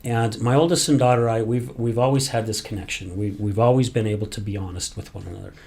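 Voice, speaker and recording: A man's voice: lowish voice, fairly even intonation, fast talker, gravelly, a little mellow, husky. A man from Utah hosting a podcast, telling a personal story in a blunt, profane and emotional way. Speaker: podcast host.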